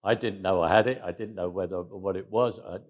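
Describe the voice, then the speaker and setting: Deep-voiced man in his eighties, anecdotal interview storytelling, stumbling restarts, endings that drop away softly. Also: steady tone, a little fast. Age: 80s. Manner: repeats words at restarts, trails off quietly at phrase ends.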